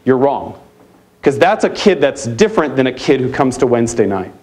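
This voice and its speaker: A man giving a live keynote talk at a conference, energetic and emphatic, firing off challenging rhetorical questions. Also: medium pitch, a little fast. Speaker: keynote speaker at a youth ministry conference. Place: conference center hall.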